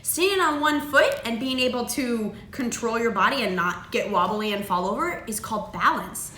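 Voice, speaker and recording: A woman's voice: fairly high pitch, animated, moderate pace, sharp tone, roomy sound, slight background noise. A woman karate instructor patiently teaching a child, with lots of encouraging praise. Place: martial arts dojo.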